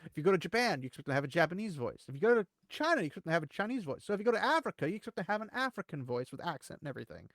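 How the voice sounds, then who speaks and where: Animated rambling man, dry close sound. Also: high voice, rapid-fire, dry recording. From United States. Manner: animated, rambling, swings loud and soft. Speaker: co-host. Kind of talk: casual commentary chat.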